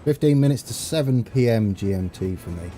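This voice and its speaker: A man's voice: fairly low pitch, expressive, a little fast, mellow. A man from the UK chatting casually with viewers on a live stream while playing a train game, rambling and chuckling as he reads chat. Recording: faint game music behind.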